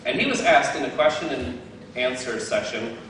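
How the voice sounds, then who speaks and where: A man's voice: medium pitch, moderate pace, a bit bright, slight background noise. Playful man talking faith, far off and echoey. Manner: playful and self-mocking, laughs often. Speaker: lay speaker giving a devotional talk. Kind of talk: casual faith talk. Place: outdoors. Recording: very echoey, distant from the mic.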